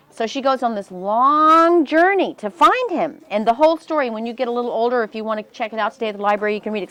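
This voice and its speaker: A woman telling a fairy tale to children, animated and voicing the characters as she goes. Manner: animated, voices the characters with big pitch jumps. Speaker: storyteller.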